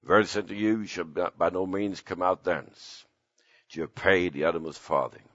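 A man's voice: steady tone, normal speed, a bit bright, no room sound. Impassioned older male preacher, lo-fi. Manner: impassioned preaching with sudden climbs in pitch. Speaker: pastor. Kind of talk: sermon.

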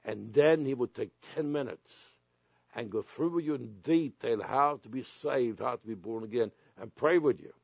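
A man's voice: medium pitch, normal speed, vocal fry, a little mellow, slightly rough, dry recording, lo-fi sound. A man preaching a sermon as pastor, rising at times to commanding calls.

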